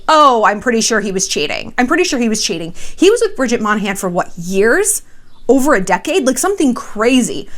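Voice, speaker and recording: A woman's voice: a little high, fairly bright tone. A young woman hosting her own vlog, giving celebrity gossip and relationship advice in a blunt, profane, sassy way. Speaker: vlogger host.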